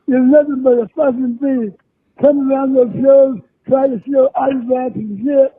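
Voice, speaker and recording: A man's voice: very high-pitched, fairly even intonation, normal speed, a little hiss or hum. A man ranting angrily in a played message, threatening and cursing hard, heard over a tinny phone-like clip. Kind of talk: angry profane rant.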